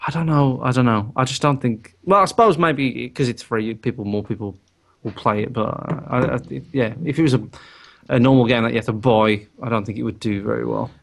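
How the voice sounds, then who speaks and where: A man's voice: medium pitch, fairly quick, gravelly. A man from the Midlands, chatting on a gaming podcast in a hesitant way, restarting his sentences often. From English West Midlands. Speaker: podcast co-host. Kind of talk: casual gaming chat.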